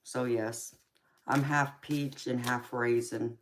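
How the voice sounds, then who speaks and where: A woman's voice: rumbling low, fairly even intonation, slow, a little hiss or hum. A woman with a Southern US accent in casual live chat as a tarot reader, laughing often and calling listeners "baby". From United States.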